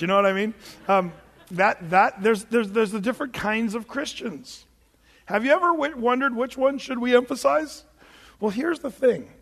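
A man's voice: high voice, a bit bright, long reverb tail. A man preaching a conversational sermon, asking rhetorical questions and talking loosely with fillers. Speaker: pastor.

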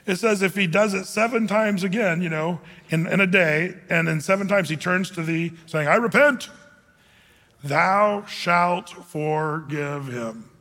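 Male pastor, sermon; high, bright voice, animated and emphatic, acts out scenes, lots of fillers; echoey hall reverb. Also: normal speed, hardly any pauses. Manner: many fillers and restarts.

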